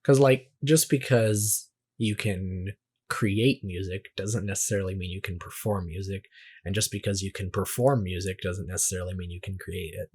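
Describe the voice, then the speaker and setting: A man's voice: low-pitched, steady tone, moderate pace, darkish tone, husky. A man co-hosting a casual movie review podcast, reading out trivia in a hesitant way and restarting his phrases. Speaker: podcast co-host.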